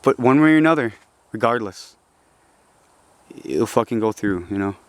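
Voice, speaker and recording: A man's voice: lively intonation, fast, clean tone, no room sound. Agitated, profane young man ranting. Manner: agitated, profane, swings between preachy and low frustrated mutters. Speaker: vlogger. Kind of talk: casual rambling monologue.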